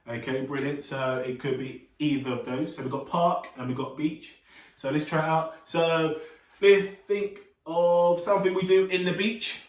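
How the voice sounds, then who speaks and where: A man's voice: on the high side, steady tone, moderate pace. A man leading a children's movement and relaxation workshop, upbeat and encouraging, with playful sing-song call-outs. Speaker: workshop leader. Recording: roomy sound, voice from some distance.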